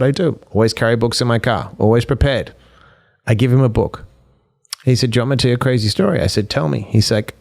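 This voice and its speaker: Gravelly man telling stories in conversation. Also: fairly low pitch, a little mellow. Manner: tells stories acting out both sides of the dialogue. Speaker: podcast guest, speaker and life coach. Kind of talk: animated storytelling in conversation.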